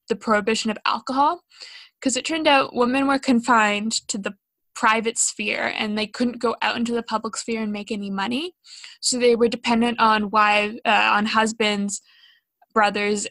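A woman's voice: on the high side, vocal fry, a bit bright, no room sound. A young woman co-hosting a casual educational podcast, chatty and self-deprecating, with plenty of ums and likes. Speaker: podcast co-host.

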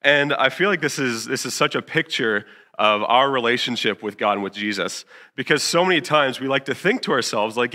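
Twenty-something guy preaching at church, chatty and honest, lots of uh and like, bright voice. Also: animated, brisk. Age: 20s. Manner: chatty and candid, many fillers, acts out his own lines with big pitch jumps. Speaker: youth pastor. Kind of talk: casual sermon with stories.

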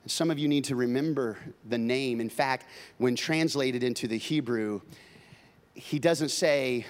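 A male pastor preaching a sermon, conversational and humorous with emphatic swings from loud to soft. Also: medium pitch, measured pace.

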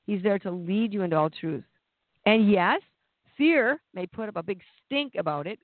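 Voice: medium pitch, animated, normal speed, no echo. A preacher giving a conversational sermon, plain-spoken, with restarts and acted-out voices. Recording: tinny phone-like dry sound.

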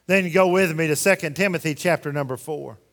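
A man delivers a folksy, emphatic sermon in a fairly high voice. His words ring out with a long reverb through the church sanctuary. He keeps pressing the congregation with rhetorical questions. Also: fast talker, fairly bright tone. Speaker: pastor.

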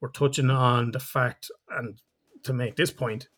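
A man's voice: mid-range voice, steady tone, unhurried, a bit bright, faint music behind. A man hosting a casual podcast, talking bluntly, swearing freely and laughing often. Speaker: podcast host.

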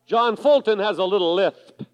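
A man preaching a sermon to his congregation, reading scripture aloud in a measured way. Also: high-pitched, highs cut off. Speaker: pastor. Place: large church sanctuary. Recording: 1980s sermon recording with long hall reverb.

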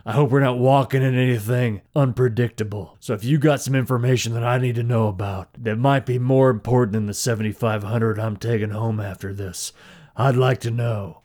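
A congested man voicing a tough female mercenary who talks slowly and gruffly in a tabletop role-play. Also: mid-range voice, fairly even intonation, darkish tone, close to an everyday voice. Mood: intimidating. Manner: slow, gravelly tough-talk. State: congested from a cold.

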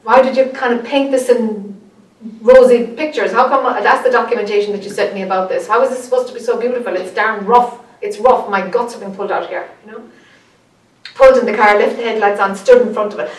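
A woman with an Irish accent, teaching a group, speaking earnestly and growing animated as she tells a story. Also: a little high, fairly quick. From Ireland. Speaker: spiritual teacher. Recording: echoey room, voice from a distance.

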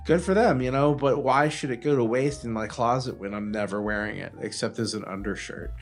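A man's voice: mid-range voice, fairly quick, soft background music. A man co-hosting a podcast, riffing in a wry, self-mocking way in casual chat. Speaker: podcast co-host.

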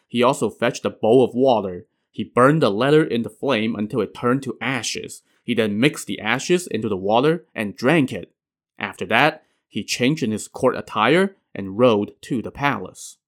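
A male storyteller retelling a classic legend in a casual, conversational way. He drops in wry modern asides, in an everyday mid-pitched voice. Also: animated, moderate pace, fairly bright tone.

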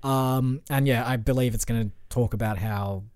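A man's voice: medium pitch, fairly even intonation, normal speed, darkish tone, clear, resonant tone, no echo. A man hosting a podcast, casually introducing film trailers and chatting about them. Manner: easygoing, agrees a lot, fillers. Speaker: podcast host. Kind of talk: casual film review chat.

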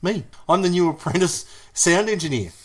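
Jokey host, excitable, pitched a bit high. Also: male voice, normal speed. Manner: excitable, jokey, laughs a lot. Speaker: podcast host. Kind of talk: comedy podcast chat.

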